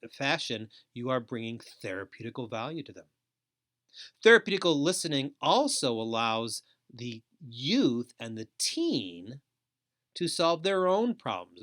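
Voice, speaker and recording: Deliberate male lecturer. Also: mid-range voice, a bit bright. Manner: deliberate, repetitive phrasing. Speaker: foster care educator. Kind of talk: recorded lecture.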